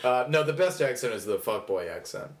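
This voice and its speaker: A man's voice: medium pitch, expressive, a little fast, slight background noise. A man from the Midwest who is a comedian guest, chatting casually and joking, laughing often. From American Midwest. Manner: joking, jumps into silly voices, laughs often. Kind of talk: casual chat.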